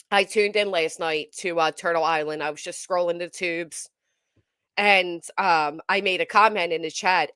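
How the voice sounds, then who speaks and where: A woman hosting a casual livestream, chatting to viewers in an animated, emphatic way with a forceful edge. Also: on the low side, clear, resonant tone, no room sound, studio quality. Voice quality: tends to sound forceful, described as angry. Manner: animated, emphatic, talks straight to chat. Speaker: livestream host.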